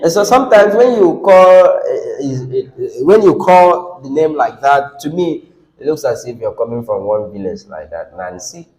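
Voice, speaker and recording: A man's voice: on the high side, sing-song, moderate pace, a little mellow, rough recording. A man with a Nigerian English accent teaching a classroom lesson on word stress, coaxing the class, repeating words and asking questions.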